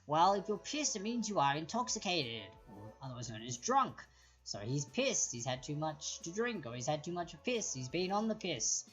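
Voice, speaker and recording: A woman's voice: low voice, sing-song, normal speed, faint music behind. An Australian woman hosting a live-streamed trivia quiz, chatty and explanatory as she reads out the answer options. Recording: dull lo-fi stream audio.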